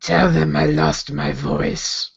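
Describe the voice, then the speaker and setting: Man doing a hoarse lizard-man captain. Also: on the high side, big pitch swings, slow pace, exaggerated voice. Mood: urgent. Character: hoarse part-lizard male sea captain, forked tongue, menacing. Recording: dull lo-fi recording.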